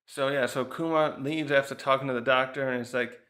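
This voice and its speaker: A man's voice: medium pitch, fairly even intonation, fairly quick, fairly bright tone. A man casually reviewing a manga chapter, thinking aloud with frequent restarts and fillers. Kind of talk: casual rambling commentary.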